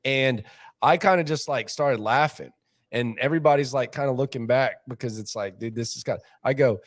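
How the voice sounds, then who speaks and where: Animated man telling a story. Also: mid-range voice, a little fast. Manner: animated, mimics people he quotes, repeats words for laughs. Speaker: sports show host. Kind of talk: casual storytelling.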